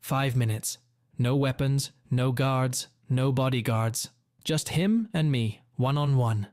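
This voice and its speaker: A man's voice: medium pitch, takes it slowly, a little mellow, no room sound, studio quality, lightly acted. A man voicing a blunt, confrontational middle-aged father in a story reading. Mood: angry.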